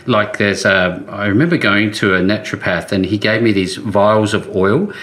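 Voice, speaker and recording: A man hosting an interview show on a remote call. He speaks a little low and asks his questions in a rambling way, with many restarts. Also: fairly even intonation, fairly bright tone. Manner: rambling, halting questions with fillers. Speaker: show host.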